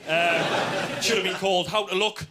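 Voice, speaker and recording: A young man with a Geordie accent performing stand-up comedy, telling a story with lively "right?" asides. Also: high voice, a little slow, very noisy. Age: young adult.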